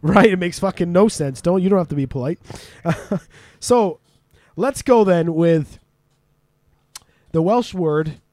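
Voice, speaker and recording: A man's voice: sits high, a little slow, darkish tone, dry recording. A man hosting a casual podcast, quizzing a guest with lots of laughs and swearing. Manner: laughing, swearing, teasing quiz-giver. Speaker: podcast host. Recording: remote podcast call.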